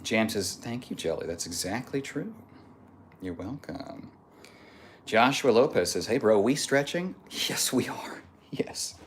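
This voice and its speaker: A man's voice: fairly low pitch, animated, measured pace, a little hiss or hum. Laid-back man chatting on a stream. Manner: jokey, drifts into a mock Southern drawl. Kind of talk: casual live-stream chat reading comments.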